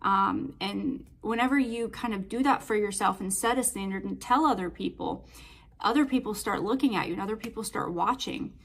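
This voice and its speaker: A woman's voice: medium pitch, normal speed, slightly rough. A woman fitness coach talking in a casual motivational monologue, chatty and storytelling with lots of filler words.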